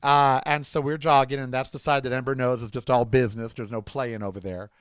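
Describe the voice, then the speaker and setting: A man's voice: mid-range voice, a little fast, clear, resonant tone, no room sound. A man telling a personal story in a casual monologue, acting out the lines of the people in it. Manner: animated anecdotal, acts out dialogue.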